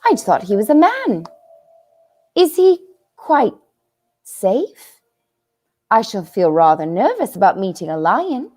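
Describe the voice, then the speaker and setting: A woman's voice: medium pitch, big pitch swings, takes it slowly, pauses often, mellow, breathy edge, soft background music, full character voice. A woman voicing a polite, wary young girl in a storybook, speaking primly and hesitantly. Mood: nervous.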